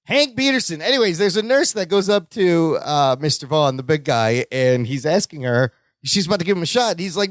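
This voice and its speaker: A man's voice: on the high side, brisk, hardly any pauses, no room sound, studio quality. A man co-hosting a podcast, recapping a sitcom episode in casual chat and acting out the scenes. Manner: animated, laughs often, acts out lines from the show. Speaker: podcast co-host.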